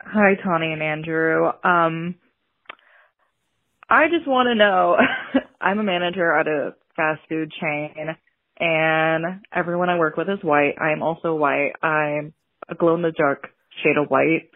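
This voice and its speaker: A woman's voice: low voice, measured pace. A woman leaving a voicemail, nervous and giggly as she rambles through her question. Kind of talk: voicemail message. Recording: tinny phone-line voicemail.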